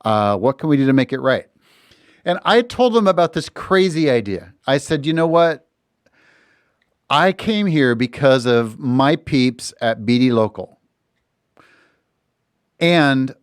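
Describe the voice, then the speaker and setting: A middle-aged man with a mid-range voice hosts a podcast from a recording studio, and the sound is clean with no echo. He tells a story casually and with lots of animation, slipping into voices to act out other people's lines.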